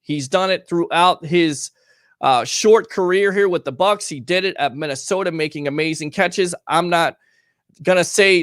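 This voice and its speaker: A man's voice: fairly high pitch, a bit bright, dry recording, studio quality. A man hosting a live call-in sports show, talking emphatically and reading fan comments aloud. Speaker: sports talk show host.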